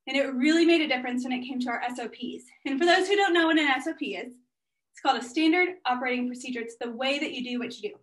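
A woman with a high, bright speaking voice gives an energetic workshop talk as a guest speaker. She sounds upbeat and chatty and keeps encouraging the audience she addresses. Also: fast talker. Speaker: guest speaker and business owner.

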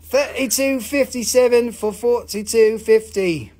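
A woman hosting a live online rock and mineral sale, talking excitably with lots of cursing and quick countdowns. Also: a little high. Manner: excitable, profane, rapid countdowns. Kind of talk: live online sales show.

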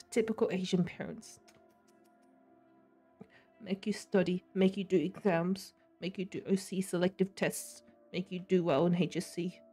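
A woman's voice: lowish voice, steady tone, unhurried, mellow, breathy edge. Chatty woman streamer, faint music. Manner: chatty, laughs often, answers chat. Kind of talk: casual chat while gaming.

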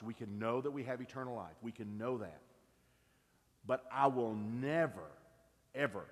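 Husky-voiced pastor preaching in a reverberant hall. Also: male voice, medium pitch. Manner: earnest, conversational, asks the congregation questions. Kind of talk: sermon. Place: church sanctuary.

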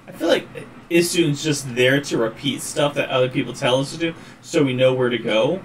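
A man casually commenting while playing a game, rambling and relaxed. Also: mid-range voice, moderate pace. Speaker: gaming channel host. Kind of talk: let's play commentary. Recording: faint noise, distant mic.

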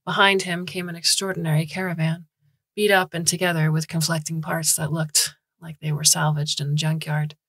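A woman reads a story aloud in a measured, even way. Her voice sits low and husky, and the recording is close and dry with no room sound. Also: no room sound. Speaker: podcast story narrator. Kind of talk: scripted audiobook narration.

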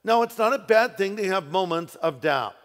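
A man preaches a sermon in a big hall with a long echo trailing his words. His voice sits a bit higher than most men's, and he slows down and leans on key phrases for emphasis. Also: expressive. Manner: preaching with emphatic rises and slowed, stressed phrases. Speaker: pastor. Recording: echoey hall with long reverb.

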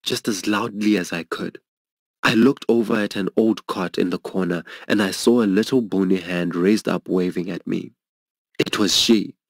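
A man's voice: steady tone, normal speed, dry recording. Earnest man preaching a personal story. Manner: earnest, emotional storytelling, voicing others' lines higher. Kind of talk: sermon testimony storytelling.

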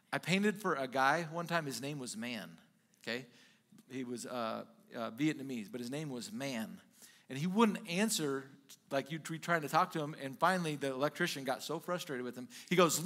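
A male pastor with a fairly high-pitched voice delivers a conversational sermon, sprinkling in frequent "okay?" asides and animated retellings of scripture.

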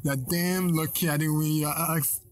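A man hosting a gaming video, giving excited gameplay commentary and exclaiming a lot. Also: a little high, normal speed, rough recording.

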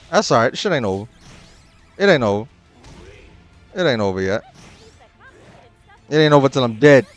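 A young adult man commenting on his own ranked matches, swearing often and breaking into loud, exasperated outbursts. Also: mid-range voice, very animated, normal speed, pauses often, soft background music. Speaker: gaming channel host.

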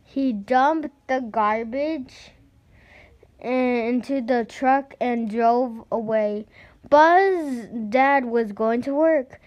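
A woman reading a children's picture book aloud at a slow, deliberate pace. Her voice sits slightly high. She sometimes trips over a word and starts it again. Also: darkish tone. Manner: slow, careful reading with stumbles and restarts. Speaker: storybook reader.

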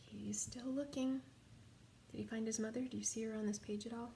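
A woman's voice: fairly high pitch, fairly even intonation, a little fast, gravelly, mellow, slight background noise. A woman reading a picture book aloud to children, chatting and asking them questions along the way. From United States. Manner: chatty, asks listeners questions. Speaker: storybook reader.

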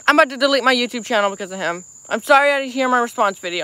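A woman streaming live, angrily venting to her chat and apologizing over and over while clearly upset. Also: a little high, racing, few pauses, bright, forceful tone, no echo. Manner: angry venting, repeated apologies. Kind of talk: casual livestream chat.

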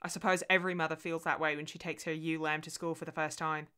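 Woman reading a ghost story aloud, crisp. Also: deep voice, quick pace. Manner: expressive, voices the dialogue.

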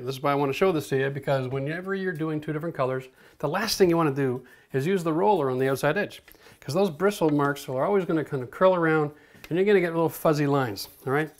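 A middle-aged man teaching a hands-on painting lesson in an energetic, coaching way, checking in often with "okay?". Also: on the high side. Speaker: home renovation instructor.

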